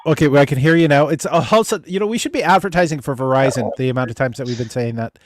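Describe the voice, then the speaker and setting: Racing along in a mid-range voice on a dry recording, a man runs a relationship advice livestream. He reads viewer comments and chats loosely with viewers and guests, often restarting his sentences and cursing without restraint.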